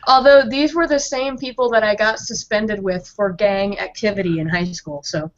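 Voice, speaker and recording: A woman's voice: mid-range voice, moderate pace. A woman in her twenties telling candid stories from her school days in casual chat on a video call. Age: 20s. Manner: candid, laughing storyteller. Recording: dull lo-fi sound.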